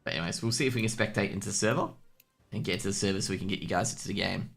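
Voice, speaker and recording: A man with an Australian accent and a low-set but bright, cutting voice. He talks as a solo stream caster, rambling and joking between points. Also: very fast, gravelly. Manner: chatty, rambling, jokey. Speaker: esports caster. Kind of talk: casual solo stream commentary.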